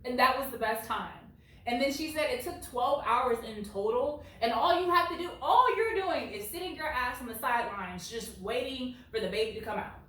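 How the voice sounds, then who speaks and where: A woman's voice: on the high side, normal speed. Blunt woman in an echoey room. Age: late 20s. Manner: blunt and animated, heavy use of "like". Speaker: reddit story reader. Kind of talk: reading stories with commentary. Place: at home. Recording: very echoey room, far from mic.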